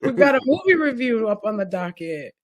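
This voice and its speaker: Playful woman with lively pitch. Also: a little fast, crowd noise. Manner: playful, teasing, laughs often. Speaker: podcast co-host. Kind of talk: casual chat.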